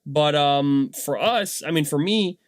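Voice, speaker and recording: Man, dad, casual motivational talk, rambling and animated, higher voice, dry close sound. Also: unhurried, dry recording. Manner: rambling, animated storytelling, many "right?" tags. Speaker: vlogger and dad.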